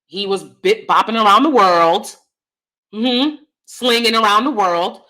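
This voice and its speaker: Reading through her chat on a casual livestream, this American host speaks bluntly and with lots of energy. Her voice swings high, then low, broken up by laughing side comments, and she keeps a measured pace.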